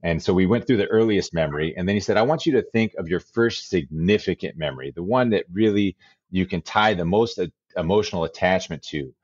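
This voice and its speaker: Deep-voiced man in his forties, earnest. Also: brisk, darkish tone, husky, dry recording, dull audio. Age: 40s. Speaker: interview guest, life coach. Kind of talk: reflective personal storytelling.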